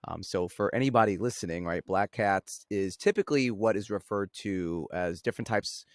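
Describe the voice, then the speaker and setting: Man, New York accent, very deep voice, dry close sound, podcast guest explaining. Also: normal speed, no room sound. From Staten Island, New York. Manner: explanatory, uses "right?" often. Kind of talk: casual chat.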